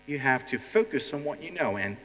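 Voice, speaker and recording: Brisk and a bit bright, this man's mid-range voice has lively intonation and a Ukrainian accent. He hosts and teaches a stand-up style language lesson, addressing the live audience directly and imitating nervous learners in a hall with reverb.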